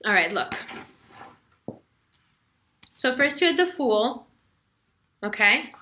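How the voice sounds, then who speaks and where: A woman's voice: a little high, sing-song, takes it slowly, bright, forceful tone, a little hiss or hum. A woman giving a casual tarot reading, talking bluntly in slang and leaning hard on her words. She laughs easily mid-sentence, and her voice rings in a roomy, echoey space. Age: adult with a son. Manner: frank, slangy, emphatic; laughs often while talking. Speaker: tarot reader.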